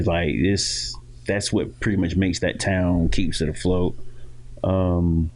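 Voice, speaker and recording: A deep-voiced young man from Florida tells long stories in loose, rambling podcast chat. He spins one anecdote into the next, his low voice steady between frequent fillers and restarts. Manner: animated, loud impressions of others in quoted lines. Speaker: podcast co-host. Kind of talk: casual storytelling chat.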